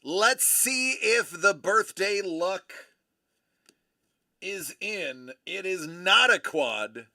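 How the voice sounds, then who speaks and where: A man's voice: high-pitched, lively intonation, very slow, bright, forceful tone. A man in his forties hosting a live card-opening stream, casual and playful with teasing jokes. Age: 40s. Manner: playful, teasing, jokey sign-offs.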